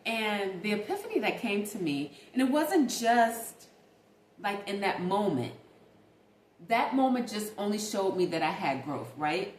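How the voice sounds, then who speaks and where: A young woman talking casually and animatedly straight to her viewers in a late-night vlog. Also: mid-range voice. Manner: chatty, animated, talks straight to viewers as "y'all". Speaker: vlogger. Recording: echoey room with faint ambient noise.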